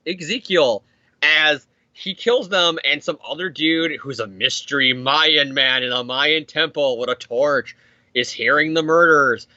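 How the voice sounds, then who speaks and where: A man hosts a comic recap podcast in a loose, profane, joking way, breaking into silly voices for the characters. His voice is bright and edgy, sitting a bit high, heard dry and close. The sound is slightly dull and muffled. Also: no room sound. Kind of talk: casual comic recap with acted quotes.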